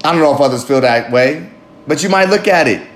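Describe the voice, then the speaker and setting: A man's voice: fairly high pitch, lively intonation, a little fast. A man talking candidly to camera in a rambling, self-reflective monologue, swearing freely and often laughing at himself. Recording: roomy echo with faint ambience.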